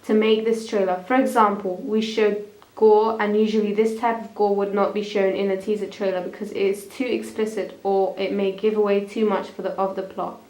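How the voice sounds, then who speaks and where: Young female student presenter, reads haltingly, roomy echo, mid pitch. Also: flat delivery, a little mellow. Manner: stumbling, restarting lines. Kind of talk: reading a school media evaluation.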